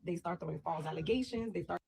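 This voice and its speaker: A woman's voice: on the low side, gravelly, darkish tone, breathy edge. A woman from the Dominican Republic ranting in a social media clip, blunt and profane. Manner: blunt, profane, fast-talking.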